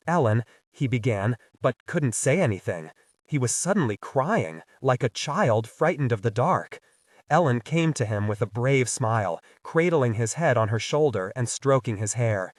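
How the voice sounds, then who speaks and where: A man narrating a thriller audiobook in a dramatic, expressive reading. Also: medium pitch, no room sound, studio quality.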